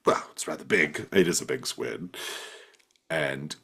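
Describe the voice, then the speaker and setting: Guy running a tabletop game, deep husky voice, rambly, lots of "like". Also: unhurried, sharp tone. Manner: loose, rambling with many fillers. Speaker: game master.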